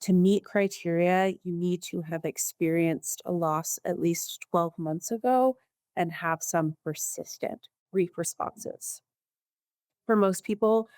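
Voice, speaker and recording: A woman therapist co-hosting a podcast, explaining clinical ideas in a calm, measured way. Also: fairly low pitch, no echo, clean studio sound. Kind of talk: podcast discussion.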